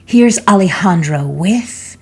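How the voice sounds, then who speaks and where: A woman hosting a ghost story podcast, introducing the next storyteller in a soft, measured way. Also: on the low side, lively intonation, noisy background. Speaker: podcast host. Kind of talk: podcast narration.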